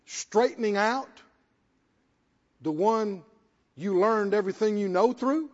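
A man's voice: high-pitched, slow. A man preaching a sermon as pastor in a church, emphatic, repeating phrases for stress and putting questions to the congregation. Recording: dull lo-fi sound with long hall reverb.

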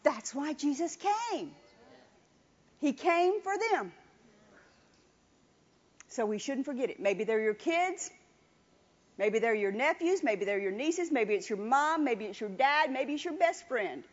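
A woman's voice: high voice, big pitch swings, slow, pauses often. A woman preaching a sermon with emphatic repetition, calling on the congregation to answer. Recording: dull lo-fi recording.

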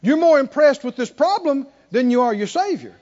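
Man preaching, high voice, quiet storytelling rising to loud exhortation, call-and-response, muffled sound. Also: sing-song, normal speed. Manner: leads call-and-response with the congregation. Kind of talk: sermon.

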